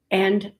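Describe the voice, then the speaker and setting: A psychic medium hosts a live reading, her soft voice full of emotion. She speaks haltingly, repeating words and thinking out loud.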